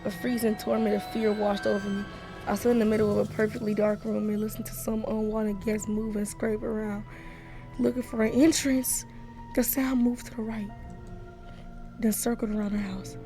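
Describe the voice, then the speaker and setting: A woman playing a horror game, reading its text aloud in a hushed voice and breaking off into loud, profane reactions. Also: medium pitch, little pitch movement, fairly quick, faint music behind. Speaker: gaming streamer.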